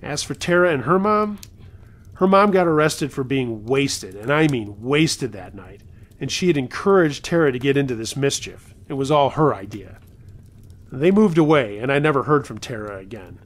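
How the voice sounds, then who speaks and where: A man's voice: mid-range voice, animated, moderate pace. A man reading submitted true scary stories aloud in a conversational way, with wry asides.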